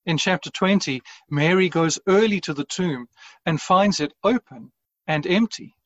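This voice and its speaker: Man preaching a sermon, slow and earnest, kinda high voice, muffled lo-fi sound. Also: no echo. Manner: measured, earnest preaching with deliberate pauses. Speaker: pastor.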